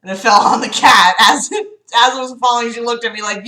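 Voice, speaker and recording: A woman's voice: fairly high pitch, a little fast, bright, forceful tone. A young woman with a slight cough hosting a casual livestream, chatting, swearing freely and reading a friend's book aloud. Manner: chatty, profane, fretful and giggly. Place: room at home. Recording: echoey home room.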